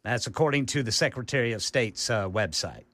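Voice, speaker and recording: A man's voice: medium pitch, animated, fairly quick, a bit bright, no room sound. A man co-hosting a radio show, laid-back and dry in casual banter. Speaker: radio co-host. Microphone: studio mic.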